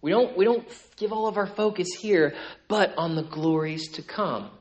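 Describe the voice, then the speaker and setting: A man with a somewhat high-pitched voice preaches to his church in a loose, conversational way. He checks in with "right?" again and again. He rises to loud, emphatic passages and then drops to quiet, low-pitched asides. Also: normal speed, muffled recording. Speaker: pastor. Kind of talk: sermon.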